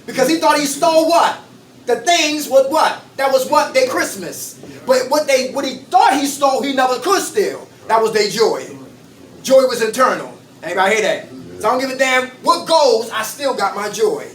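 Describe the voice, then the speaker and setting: A very high-pitched man leads a recovery group, preaching in call-and-response and firing questions at the room. He sounds far from the mic in an echoey space. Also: lively intonation, moderate pace, a bit bright. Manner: preachy, quizzes the group with "what?".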